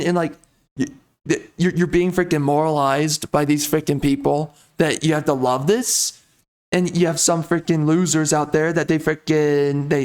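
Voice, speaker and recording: A young man rants through a commentary video in a somewhat high voice. He stammers, trails off and restarts his sentences again and again. His tone stays exasperated and mocking. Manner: rambling, stammering, frequent restarts. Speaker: video host.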